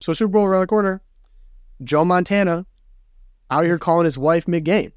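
A man's voice: sits high, brisk, clean tone, no echo, clean studio sound. A young man hosting a podcast, chatting loosely and joking, with plenty of fillers. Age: young adult. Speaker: podcast host. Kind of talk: casual podcast chat.

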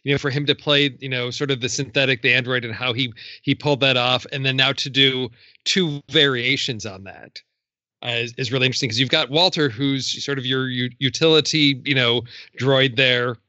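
Bright-voiced man talking films. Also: medium pitch, steady tone, fairly quick, dry recording, muffled recording. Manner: enthusiastic, lots of "you know". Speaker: film podcast panelist. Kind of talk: casual film discussion.

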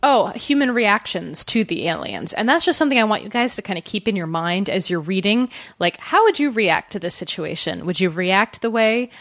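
A woman's voice: medium pitch, expressive, moderate pace, few pauses, fairly bright tone, no room sound, clean studio sound. A woman co-hosting a podcast, discussing a novel in a chatty, hesitant way with many fillers. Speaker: podcast co-host. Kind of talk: casual book discussion.

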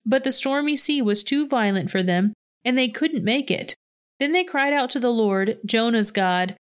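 Female reader for Bible narration, smooth and clear, slightly high. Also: lively intonation, moderate pace. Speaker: scripture reader. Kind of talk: scripted Bible reading.

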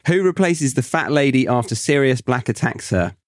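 A man hosting a podcast in easy conversation, friendly and quick to laugh, asking his guest questions. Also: mid-range voice, animated, no echo, studio quality. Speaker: podcast host. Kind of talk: casual chat.

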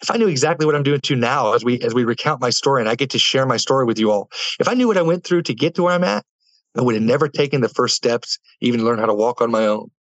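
Fast-talking earnest man telling his story. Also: medium pitch, fairly bright tone, no echo. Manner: earnest, faith-filled, with many fillers and restarts. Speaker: guest. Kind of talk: personal storytelling in an interview. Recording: dull lo-fi dry sound.

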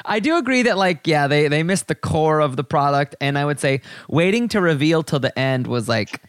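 A man's voice: a little high, moderate pace, clear, resonant tone, dry recording, clean studio sound. A man from the American South hosting a podcast in campy, rambling casual chat. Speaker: podcast host.

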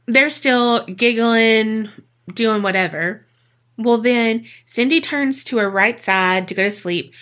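Podcast lady telling a creepy story, bright forceful voice, chatty n swears a lot. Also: a little high, takes it slowly. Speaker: podcast co-host. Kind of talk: casual storytelling.

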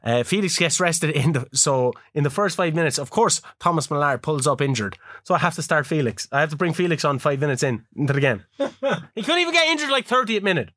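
A man co-hosting a casual chat show, swearing freely and laughing often as he tells animated stories. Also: on the high side, fast talker, dry recording, clean studio sound. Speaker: podcast co-host.

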